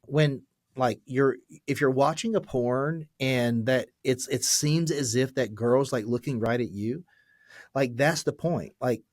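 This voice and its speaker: A man in his forties, a pastor and podcast guest, telling his personal story in an earnest, halting way with many fillers and restarts. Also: mid-range voice, darkish tone, no echo, clean studio sound. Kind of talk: candid personal testimony in a podcast interview.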